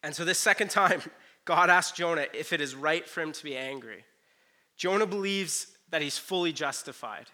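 A man preaching a conversational sermon. He retells a Bible story and acts out the characters' lines in quick asides. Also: fairly high pitch, bright, forceful tone. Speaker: pastor.

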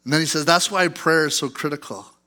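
Lively bright-voiced male pastor preaching. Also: a little high, brisk. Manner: animated, acts out outbursts in a loud put-on voice. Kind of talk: sermon. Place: church.

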